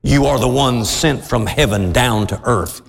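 A man preaching a sermon in a church, with fervent, drawn-out emphatic phrases. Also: mid-range voice, gravelly, slight background noise. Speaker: pastor. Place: church sanctuary with congregation responses. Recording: long church reverb.

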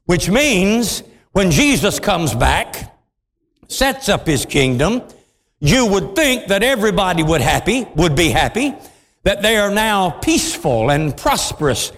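A man preaching a sermon with impassioned, dramatic swings, dropping into deep voices for emphasis. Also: sing-song, a little slow, fairly bright tone. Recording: long hall reverb.

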